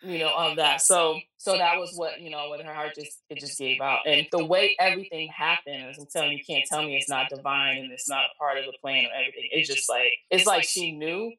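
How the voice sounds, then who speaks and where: Woman in her 40s telling her story, low voice but bright and forceful, mic far off. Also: fairly quick, hardly any pauses. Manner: candid, animated, quotes people mid-story. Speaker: guest. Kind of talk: emotional personal storytelling. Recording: echoey room, distant mic.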